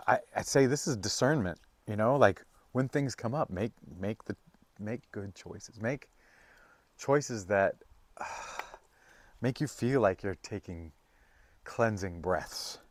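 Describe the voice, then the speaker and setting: A man's voice: lowish voice, animated, takes it slowly, long pauses, darkish tone, dry recording. Chatty, rambling man reading tarot. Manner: rambling, chatty, with many fillers and restarts. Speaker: tarot reader. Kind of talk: casual spoken tarot reading.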